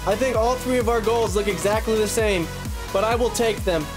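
A young man with a strikingly high voice calls his own video game hockey match like a sportscaster, rattling off plays and yelping at near misses. Light background music runs under his voice. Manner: animated, fast play-by-play with yelps and laughs. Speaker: gaming YouTuber doing play-by-play. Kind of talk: excited self-commentary over a hockey video game.

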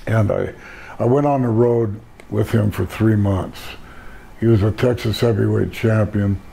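Hoarse, gravelly older man. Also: lowish voice, steady tone, unhurried, warm tone, a little hiss or hum, poor audio. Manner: rambling storyteller, self-correcting. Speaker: interview guest. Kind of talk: casual career interview.

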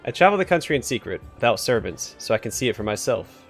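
A smooth young nobleman heir, read aloud by a man. The voice stays near a middle pitch, lightly lifted, with faint music behind. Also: very animated, quick pace. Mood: persuasive.

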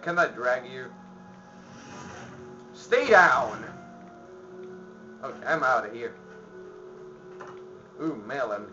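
Male let's-play commentator, panicky yelling and low mutters, dull lo-fi audio with faint music underneath. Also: unhurried, long pauses. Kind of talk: game commentary.

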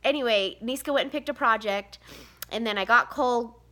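A woman's voice: fairly high pitch, fairly quick, pushed and bright. A woman in her thirties talking candidly to camera about mom guilt, rambling with many fillers. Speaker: vlogger, mother of seven. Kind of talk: casual confessional vlog.

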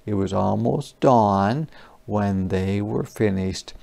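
Slow, creaky-voiced storybook teacher. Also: low voice. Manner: expressive, defines words for children, asks questions. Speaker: kindergarten teacher. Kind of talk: interactive children's read-aloud.

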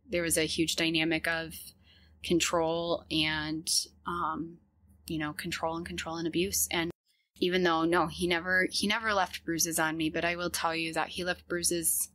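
A woman in her thirties telling a personal story in an earnest, halting way, with many fillers and restarts. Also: low voice, sharp tone, dry recording.

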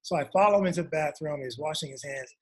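A man's voice: a little high, fast talker, slightly rough. A man, an author and guest, telling a long personal story in an interview and acting out his parents' lines.

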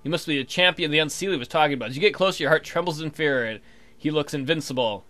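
A man's voice: a little high, quick pace, pushed and bright. A man casually commenting on his gameplay, swearing, thinking aloud, and reading the game text. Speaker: let's play gamer.

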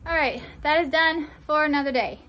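A woman's voice: sits high, brisk, pushed and bright, faint music behind. A woman chatting casually for a farm vlog and coaxing her animals outdoors. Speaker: farm vlogger. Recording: faint background noise outdoors. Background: farm animals and outdoor ambience.

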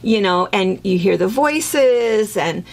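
A woman's voice: medium pitch, animated, slow, gravelly. A woman hosting a casual chat, talking in a rambling way with restarts. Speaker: host. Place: fabric shop.

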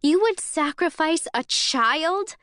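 An angry young heroine hurls accusations in a high, shaking voice, as a woman reads her in an audiobook. her lines climb well above the narration and the recording stays dry and close. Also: measured pace, dry recording, close to an everyday voice. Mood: furious. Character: young woman, furious, shaken, defiant heroine.

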